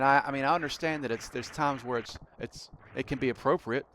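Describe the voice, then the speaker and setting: A man chatting casually while playing a game, soft-spoken and halting, with many restarts. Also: mid-range voice, slight background noise, low-quality recording. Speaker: gaming streamer. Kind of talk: casual let's-play chat.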